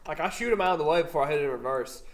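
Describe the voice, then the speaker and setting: A man's voice: fairly high pitch, expressive, fast, gravelly. Rambling young man telling stories. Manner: rambling anecdotes full of filler words. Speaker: podcast co-host. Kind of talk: casual storytelling chat.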